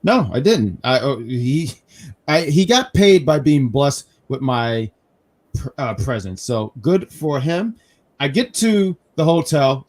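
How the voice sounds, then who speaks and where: A man from New York hosting a casual live wrestling review stream, telling animated stories with self-mocking jokes. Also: on the high side. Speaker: podcast host.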